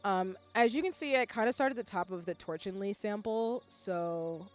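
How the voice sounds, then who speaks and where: A woman's voice: medium pitch, moderate pace, soft background music. Chatty young woman streamer saying y'all. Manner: chatty, says "y'all" often, bursts into squealing yells. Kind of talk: casual livestream chat.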